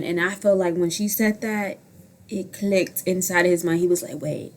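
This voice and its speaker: A woman in her twenties giving blunt, profane commentary on a reality dating show, jumping between loud outbursts and quiet asides. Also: lowish voice, normal speed, slight background noise. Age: 20s. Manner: blunt, profane and animated, swinging loud and soft. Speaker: vlogger. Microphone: own handheld mic.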